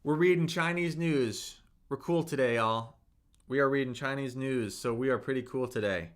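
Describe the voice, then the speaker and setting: A man's voice: medium pitch, normal speed. A man teaching Mandarin on a live stream, upbeat and talking to viewers in the chat while he repeats vocabulary. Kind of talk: live-streamed language lesson.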